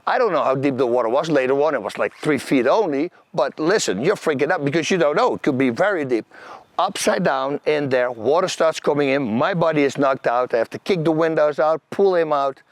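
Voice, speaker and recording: A Dutch channel host from the Netherlands tells personal stories in an animated monologue, his voice on the high side and his pace brisk. He vividly acts out scenes and quotes people, using loose, non-native grammar, and the recording is dry.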